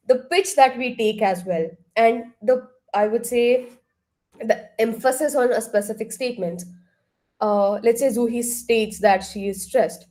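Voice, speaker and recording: A woman leading an online counseling workshop, asking the group questions and now and then clearing her throat. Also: a little high, unhurried, dark tone. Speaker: workshop trainer. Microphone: laptop far across the room.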